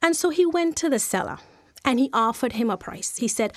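A woman storyteller, telling a folk tale with lively, dramatic pacing. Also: on the high side, a little fast, dry recording, clean studio sound. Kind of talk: animated oral folk storytelling.

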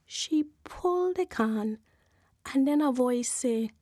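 Lady storyteller, high voice, slow and dramatic, dry close sound. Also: no room sound. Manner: lively, dramatic pacing, dialect narration. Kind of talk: animated oral folk storytelling.

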